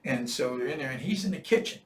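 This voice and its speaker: Older man, profane animated storyteller. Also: medium pitch, fast talker, echoey room, distant mic, slight background noise. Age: 70s. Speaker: veteran storyteller. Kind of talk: casual chat.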